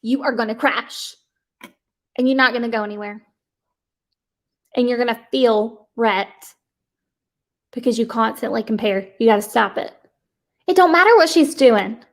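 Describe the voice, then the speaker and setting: High-voiced woman giving an emphatic pep talk. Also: expressive, moderate pace, pauses often. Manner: emphatic and preachy, with frequent laughs; addresses listeners directly and folksily. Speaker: direct sales team leader.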